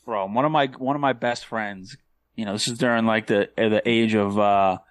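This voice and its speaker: A man's voice: lowish voice, steady tone, normal speed, dry recording. Laid-back, slangy man, dry close mic. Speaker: podcast co-host. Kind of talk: casual chat.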